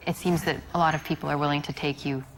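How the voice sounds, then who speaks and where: A woman's voice: low voice, fast. A woman playing a dry, unimpressed young woman on a date in a video game. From United States. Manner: dry and deadpan. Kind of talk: full-motion video game dialogue.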